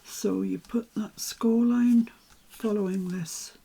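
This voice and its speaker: A woman chatting casually to herself as she works on a papercraft project, with soft asides. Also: mid-range voice, fairly even intonation, slow, vocal fry, slightly rough. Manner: chatty, self-talking while working, soft asides. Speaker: papercraft vlogger. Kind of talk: casual crafting commentary.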